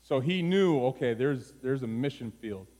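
A man's voice: expressive, normal speed. Man preaching a sermon in a reverberant hall. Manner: rises from low, quiet phrases to high, urgent pleading. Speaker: pastor.

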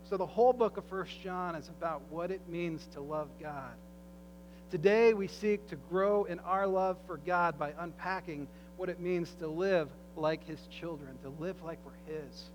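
High-voiced man preaching in a reverberant hall. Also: normal speed. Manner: dramatic storytelling with voiced quotes, swinging loud and soft. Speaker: pastor. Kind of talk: sermon. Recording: faint mains hum, long hall reverb.

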